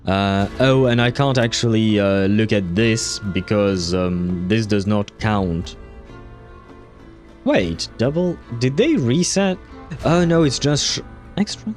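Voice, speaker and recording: A man's voice: lowish voice, slow, soft background music. A man streaming a game, chatting casually in a rambling, filler-heavy way and laughing often. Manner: swears when frustrated. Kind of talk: casual gaming commentary.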